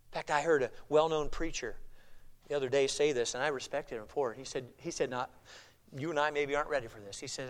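A middle-aged male pastor preaching a sermon, animated, moving between loud emphatic lines and quiet intense ones. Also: mid-range voice, fast.

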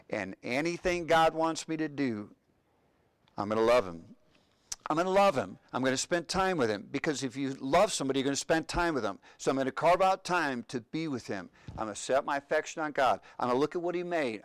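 A middle-aged male pastor preaching with a smooth, resonant voice, close and dry with no room sound. He asks the congregation questions and answers them himself, moving between loud declarations and hushed lines. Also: medium pitch, expressive, normal speed, no room sound. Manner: emphatic preaching, call-and-response questions. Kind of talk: sermon.

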